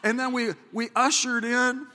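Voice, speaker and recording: Male pastor, excitable storyteller, sharp high voice, long hall reverb. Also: measured pace. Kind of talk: sermon. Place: church. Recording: echoey church hall.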